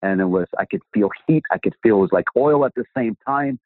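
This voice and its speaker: A man's voice: on the low side, expressive, a little fast, no echo. A man as a guest, telling a personal testimony animatedly and acting out the dialogue. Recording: dry, phone-like line.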